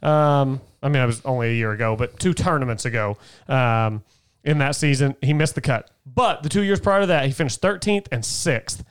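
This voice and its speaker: A man's voice: medium pitch, moderate pace, smooth. Casual golf podcast co-host, man. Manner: conversational, reads off stats, jokes with co-host. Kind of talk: casual sports chat.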